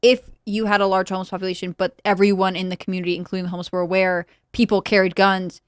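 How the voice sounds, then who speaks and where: A woman's voice: mid-range voice, flat delivery, very fast, clear, resonant tone, no echo, studio quality. A woman co-hosting a casual panel talk show, thinking aloud and hedging her points. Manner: thoughtful, hedging, conversational. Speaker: podcast co-host.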